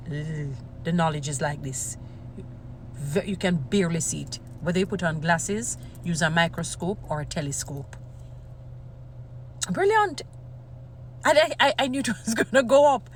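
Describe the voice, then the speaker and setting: A woman giving casual commentary, animated and emphatic, repeating phrases for stress. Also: fairly low pitch, a little hiss or hum.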